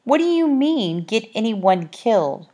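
A woman reading the part of a curious, stubborn young girl who asks eager questions and is quick to protest. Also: fairly high pitch, sing-song, mellow, voice pushed up. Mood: eager, questioning.

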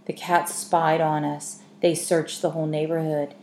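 A woman voicing a frightened ghostly woman in a nightgown, speaking in a hushed, urgent way. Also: low-pitched, flat delivery, a little slow. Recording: echoey room, faint hiss.

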